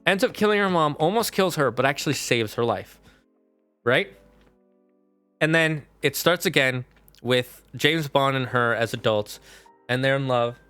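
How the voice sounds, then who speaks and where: Streaming live, a man casually recaps a film, rambling animatedly and leaning on plenty of fillers. He has a mid-range voice and a clean tone.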